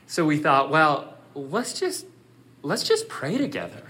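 A pastor preaching a sermon, telling a story in a conversational way and building to emphatic appeals. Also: male voice, fairly high pitch, huge pitch swings, unhurried, sharp tone.

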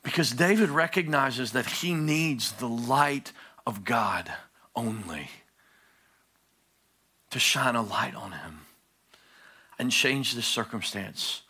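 A male pastor preaching a sermon, swinging from hushed low phrases to loud, high-pitched pleading. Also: slow pace, pauses often, slightly rough.

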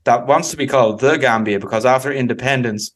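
A man co-hosting a casual podcast. He tells a story loosely and chattily, with lots of fillers along the way. His voice sits at an ordinary middle pitch. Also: quick pace. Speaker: podcast co-host. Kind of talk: casual chat.

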